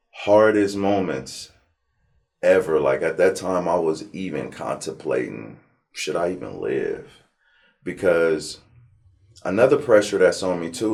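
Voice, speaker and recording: A man's voice: low-pitched, gravelly. A man from Southern California, an interview guest, telling his life story with feeling, swearing freely and acting out what others said. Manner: animated, profane, acts out quoted people.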